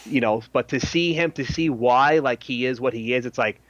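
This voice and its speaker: Excitable young man, dry close sound. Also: medium pitch, normal speed, no room sound, muffled recording. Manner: excitable, slangy, swears freely. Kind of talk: casual chat.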